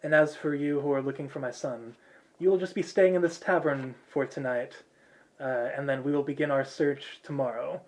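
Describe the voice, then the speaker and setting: A man voicing a weary middle-aged local father, explaining calmly and matter-of-factly. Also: mid-range voice, normal speed, lightly acted.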